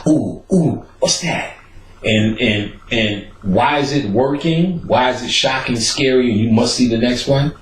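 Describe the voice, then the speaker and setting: A man's voice: mid-range voice, normal speed, hardly any pauses. A man hosting a show, giving a casual, profane rant and laughing between points. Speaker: host. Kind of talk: casual ranting monologue. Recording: roomy echo, faint background ambience.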